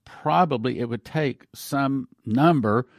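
A man's voice: mid-range voice, slow pace, dry recording, clean studio sound. A man hosting a Christian broadcast, talking earnestly and growing emotional as he speaks. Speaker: host.

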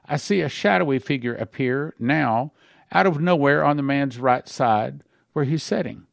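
A man's voice: mid-range voice, creaky, no room sound, studio quality. A middle-aged male pastor reading a dream aloud and breaking in with earnest, emphatic sermon commentary and warnings.

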